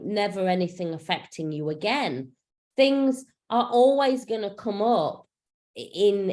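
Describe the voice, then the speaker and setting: Over a video call, a woman spiritual coach teaches in a mid-range, darkish voice. She's frank and chatty, loaded with fillers, and swears freely.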